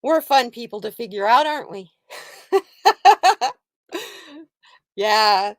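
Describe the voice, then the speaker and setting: Speaking slowly in a mid-range voice with no echo, a woman in her sixties hosts a relaxed live stream. This card reader tells a story, stops now and then to welcome viewers, and laughs a lot.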